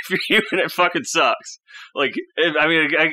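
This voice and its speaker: Easygoing man with a dry, bright voice. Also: fairly high pitch, moderate pace, dry recording. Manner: rambling, profane, easygoing. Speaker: podcast co-host. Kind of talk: casual chat.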